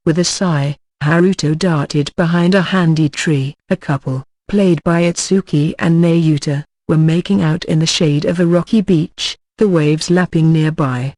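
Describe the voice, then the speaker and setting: A narrator reading a comic light novel in a flat, even way, spelling out sound effects letter by letter. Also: medium pitch, measured pace, no room sound. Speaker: audiobook narrator.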